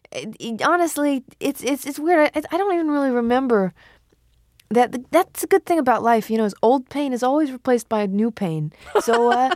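High-voiced rambling woman musician. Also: no echo, studio quality. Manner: rambling, self-mocking, stumbling over words. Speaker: musician guest. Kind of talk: interview chat. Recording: loud instrument music behind.

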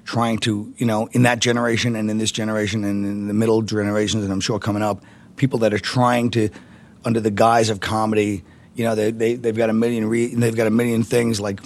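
A man's voice: fairly low pitch, a little fast. A man, a comedian telling rambling stories with laughter in a casual interview. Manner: rambling, laughing, animated impressions. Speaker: comedian guest.

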